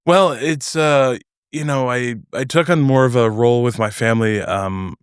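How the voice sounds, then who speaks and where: A man's voice: mid-range voice, moderate pace, smooth, no room sound, clean studio sound. A young man from North New Jersey, a comedian guest chatting casually on a podcast, rambling and hesitant with many fillers.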